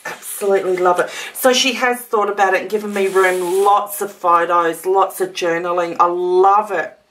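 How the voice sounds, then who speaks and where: Woman from Australia, vlogger, slow and effusive, constantly exclaiming over a handmade gift. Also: medium pitch. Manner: gushing, gasping, exclaiming. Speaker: crafter opening a gift. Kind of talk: casual unboxing vlog.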